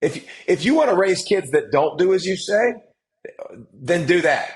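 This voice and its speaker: A man, telling stories as a podcast guest, emphatic and animated, often restarting his sentences. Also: high voice, moderate pace, poor audio. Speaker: guest, former football player and analyst. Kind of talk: casual podcast conversation.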